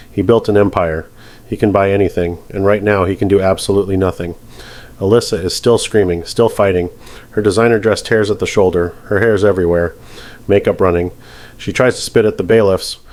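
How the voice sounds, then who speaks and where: A male narrator telling a dramatized story in a steady, dramatic delivery. His voice sits low. The narration is scripted and even-paced. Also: normal speed.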